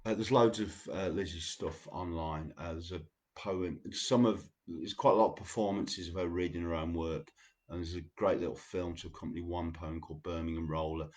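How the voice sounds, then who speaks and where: A man hosting a show, reading poems slowly and deliberately and chatting loosely between them. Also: sits low, fairly even intonation. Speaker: radio show host. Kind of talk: poetry reading with casual asides.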